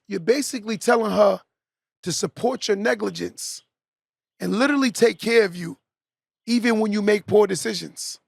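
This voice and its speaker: A man's voice: sits high, creaky, dry recording, clean studio sound. A young man hosting a podcast, delivering a preachy motivational monologue and tagging points with "right?". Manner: preachy, repeats "right?" as a tag. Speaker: podcast host.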